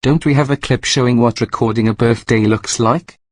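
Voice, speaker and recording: Tentacled otherworldly announcer, played by a man, matter-of-fact, courteous, mid-pitched, dry recording. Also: steady tone, moderate pace, no room sound, natural voice. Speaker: birthday announcer. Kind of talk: mock interview.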